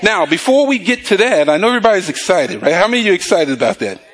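Man, preacher, sermon, high voice, very animated pitch, call-and-response questions. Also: gravelly. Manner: drawn-out scripture reading.

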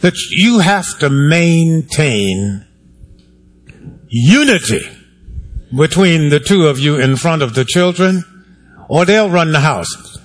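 A man preaching in a church sanctuary, his voice sitting a little higher than most men's. He talks to the congregation in a wry, conversational way and draws them in with questions. The delivery is a sermon, not a lecture. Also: big pitch swings, takes it slowly, pauses often. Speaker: pastor.

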